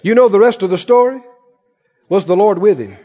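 A man with a strikingly high, lively voice preaches a sermon, lobbing constant questions at his listeners. The sound is muffled and lo-fi. His words ring out with a long reverb through a church sanctuary. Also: fairly quick. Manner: animated, quizzing the congregation with questions. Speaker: pastor.

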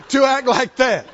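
A man preaching a sermon as pastor, animated and repetitive, calling on the congregation to answer back. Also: very high-pitched, slight background noise. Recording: dull lo-fi recording.

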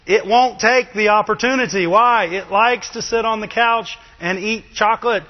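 Chatty preacher in an echoing hall. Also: male voice, sits high, moderate pace. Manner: lively, chatty, with asides and laughs. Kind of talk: sermon. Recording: dull, long reverb of a hall.

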